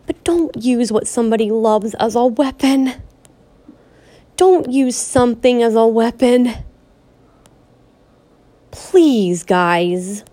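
In an emotional personal vlog rant, a woman with a slightly high voice and a dark tone sounds pleading and upset. She repeats herself and keeps restarting her sentences.

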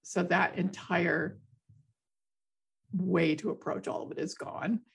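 A woman co-hosting a casual podcast chat about a TV show, excitable and gushing. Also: lowish voice, slow pace, vocal fry, husky. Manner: excitable, gushing, laughs often. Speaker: podcast co-host.

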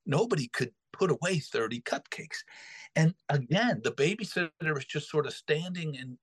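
Middle-aged male storyteller, a bit high-pitched, lively, dry close sound. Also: no room sound, low-quality recording. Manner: animated, acts out quoted voices. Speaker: podcast host telling a story. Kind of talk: casual storytelling.

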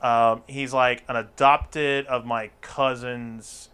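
A man's voice: medium pitch, slow, smooth. A man telling a long story in a casual chat, rambling and swearing freely as he goes. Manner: profane, rambling, animated storyteller.

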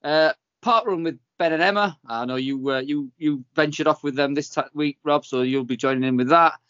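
A man's voice: fairly high pitch, a little fast, a bit bright, no room sound, highs cut off. A man hosting a podcast, talking in a hesitant, good-humored way with many fillers. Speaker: podcast host. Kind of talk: casual podcast chat.

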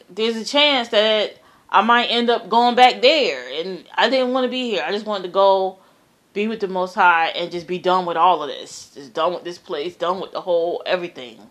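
Slow, halting woman recounting a dream. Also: medium pitch. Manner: halting, repeats words, trails off softly; earnest, emphatic about the terror. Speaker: storyteller sharing a personal dream. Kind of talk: casual personal testimony.

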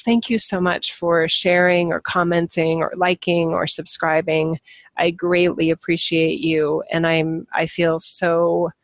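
A woman talking casually to her followers as a spiritual channeler and teacher, animated and earnest, laughing often as she reflects on herself. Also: lowish voice, no echo.

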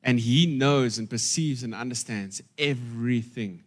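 A man preaching a sermon as pastor, emphatic and repeating key phrases, his loudness rising and falling. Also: mid-range voice, measured pace.

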